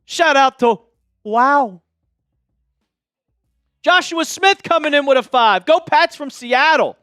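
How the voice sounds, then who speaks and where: A man's voice: very high-pitched, animated, slow, bright, forceful tone, dry recording, studio quality. A man hosting a casual livestream who jokes around and talks to viewers by name. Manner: jokey, chatty, addresses viewers by name. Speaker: host.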